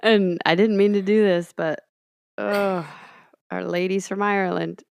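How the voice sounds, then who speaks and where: Gravelly, dry-witted woman podcast co-host. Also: mid-range voice, steady tone, a little slow, a little mellow. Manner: dry, teasing quips. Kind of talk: casual chat.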